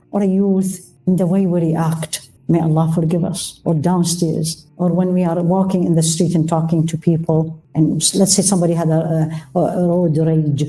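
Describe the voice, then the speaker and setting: A woman's voice: fairly low pitch, warm tone. A middle-aged woman giving a religious lecture, engaging her audience with rhetorical questions and mixing Arabic phrases into her English. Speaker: religious teacher.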